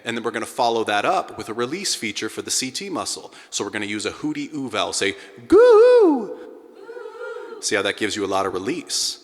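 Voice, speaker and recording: A middle-aged man teaching a singing class, energetic and breaking into sung sounds to demonstrate. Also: fairly low pitch, fast, few pauses. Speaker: vocal coach. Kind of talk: singing lesson to a group. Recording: hall with long reverb.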